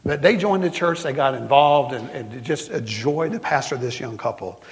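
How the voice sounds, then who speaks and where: A middle-aged man with a Southern accent, preaching a sermon as pastor in folksy storytelling style, slowing down for emphasis. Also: mid-range voice, creaky. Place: church sanctuary. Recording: long hall reverb.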